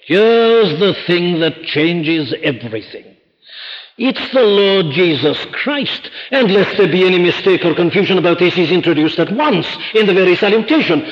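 A man preaching a sermon, emphatic and rhetorical, slowing down to stress key words. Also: sits high, expressive, big-room sound. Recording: dull lo-fi archive recording.

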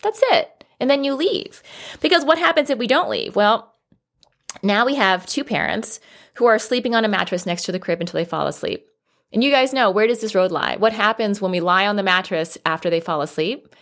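A woman giving casual advice on toddler sleep as a sleep consultant, animated and acting out what parents and kids say. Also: mid-range voice, brisk.

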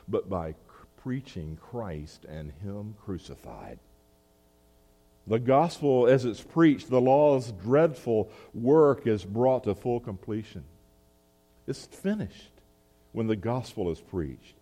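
A man's voice: low voice, warm tone, in a large hall. A man preaching a sermon as pastor, talking in a conversational way with asides and restarts.

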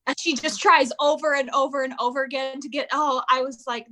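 A woman in her thirties, chatting casually as a podcast guest and telling an animated story. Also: high-pitched, brisk, hardly any pauses. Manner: animated storyteller, acts out voices of her kids. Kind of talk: casual chat.

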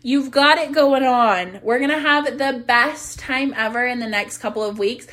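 A woman's voice: sits high, moderate pace, few pauses, fairly bright tone. A young woman vlogger and business coach chatting casually, bubbly, swearing freely and laughing often. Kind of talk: casual chat. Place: sitting on a closet floor.

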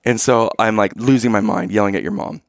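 A man telling a funny family story in casual chat, acting out his own past lines with loud outbursts. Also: on the low side, brisk, dry recording, studio quality.

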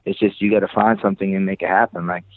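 Boston man, lowish voice, casual rambling podcast guest, tinny phone-line sound. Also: steady tone, fast, dry recording. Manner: loose, rambling, swears casually. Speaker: podcast guest, creative director.

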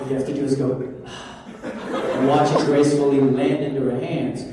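A man telling a comic story to an audience, animated and acting out his own panic and the voices in his head. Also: on the high side, moderate pace, heavy background noise. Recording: roomy hall, voice from far off.

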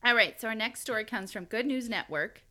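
A woman's voice: a little high, fairly quick, sharp tone. A young woman co-hosting a podcast, reading news stories in a chatty way and laughing often. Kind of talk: casual chat.

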